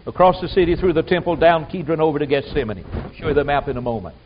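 A man delivers a sermon in a folksy, emphatic manner and acts out the people he quotes. His voice sits high and swoops up and down with lively range. The recording is dull and lo-fi. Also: fast, a little hiss or hum. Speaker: preacher. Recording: dull lo-fi sound.

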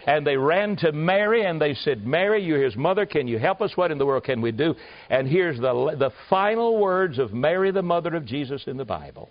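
An American man preaching a revival sermon, telling stories and building to loud emphatic peaks before dropping low. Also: animated, a little fast. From United States. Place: church service with a congregation. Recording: dull lo-fi recording.

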